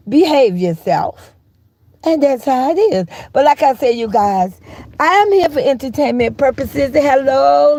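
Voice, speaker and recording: A woman hosting a casual live stream, sassy and teasing, calling listeners baby and honey and laughing often. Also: mellow. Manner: laughs often, jumps into high squeals. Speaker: host of a live gossip channel.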